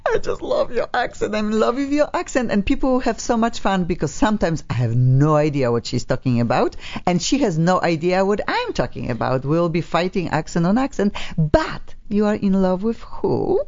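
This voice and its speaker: A low-pitched woman radio host with a very animated, swooping delivery, playful and chatty, sounding a little sleepy. She draws out words for emphasis as she talks with guests in the studio. The broadcast sound is slightly dull. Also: normal speed, few pauses. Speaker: radio talk show host. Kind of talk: casual radio chat.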